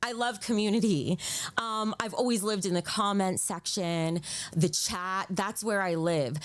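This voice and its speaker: A young woman streamer chats to her viewers in a loose, rambling way. She gushes and lets her emotions show as she talks. Her voice sits at an average pitch and the recording is dry, with no room sound. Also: dry recording. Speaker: livestreamer. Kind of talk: casual livestream chat.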